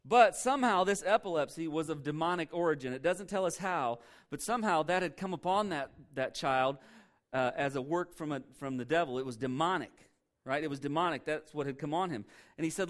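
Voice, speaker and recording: A man's voice: a little high, fairly quick. A male pastor preaching a sermon in a church, emphatic and conversational, throwing rhetorical questions at the congregation.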